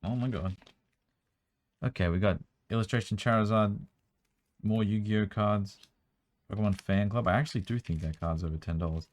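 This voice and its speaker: A young man with a strained, worn-out voice, chatting quickly as he sorts through a card collection at home, with bursts of excitement. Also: lowish voice. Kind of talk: casual running commentary while sorting cards. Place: room at home.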